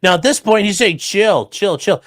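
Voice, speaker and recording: A man's voice: high-pitched, moderate pace, dry recording. A man hosting a podcast, commenting sarcastically and profanely on news clips. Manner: sarcastic, profane, animated mockery. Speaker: podcast host.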